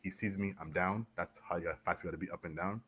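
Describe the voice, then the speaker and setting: Man, deep voice, from Canada, military veteran, animated storyteller, podcast guest. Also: fast talker, breathy edge. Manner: animated, acts out the voices of others in his stories. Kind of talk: casual storytelling in a podcast interview.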